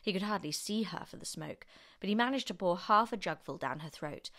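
A woman reading a children's book aloud as an expressive storyteller. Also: on the low side, a little fast. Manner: expressive, animated narration.

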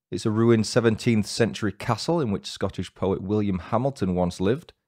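Guy doing a true crime podcast, lowish voice, close dead-dry mic, deadpan little jokes. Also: dry recording. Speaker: podcast host. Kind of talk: scripted true-crime narration.

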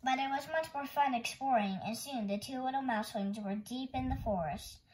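A woman hosting storytime, reading a picture book aloud in a gentle, expressive way. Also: sits high, moderate pace, a little hiss or hum, poor audio. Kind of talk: children's read-aloud narration.

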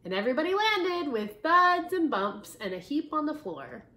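Expressive woman reading a storybook. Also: sits high, moderate pace. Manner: expressive, stops to ask the listeners questions. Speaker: storybook reader. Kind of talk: reading a picture book aloud to children.

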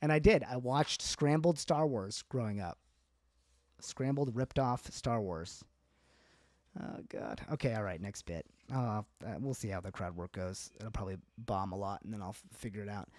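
A man's voice: lowish voice, normal speed, darkish tone, no room sound. A man doing a comedian's casual stand-up bits on a livestream, rambling and self-deprecating, laughing at his own jokes. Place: indoors, livestream.

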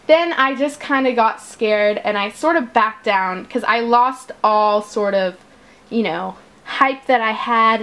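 A teenage girl casually retelling a school story, chatty and animated, acting out the quotes with exasperation. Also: fairly high pitch, moderate pace. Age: teens.

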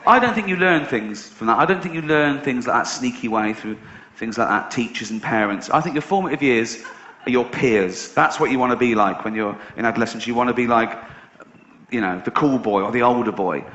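An English male stand-up comedian telling blunt, profane stories, rising to incredulous shouts. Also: mid-range voice, brisk. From England. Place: live theatre stage. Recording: echoey dull live hall recording with crowd.

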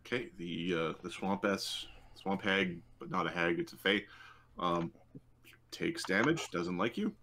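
Casting: low-pitched man as a game master, slow and unhurried, lots of "uh"s. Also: sharp tone, a little hiss or hum. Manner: unhurried, thinking aloud with many fillers. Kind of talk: running a tabletop game.

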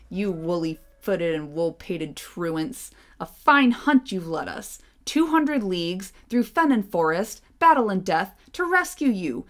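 A woman doing a blustering, furious dwarf warrior. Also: sits low. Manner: loud, blustering outbursts. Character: gruff male dwarf warrior, furious and overjoyed.

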